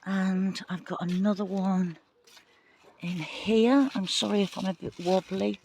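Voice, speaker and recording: A woman giving a casual tour of her garden plot outdoors in the wind, talking excitedly and apologetically into a handheld phone camera. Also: medium pitch, measured pace, creaky. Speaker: gardening vlogger.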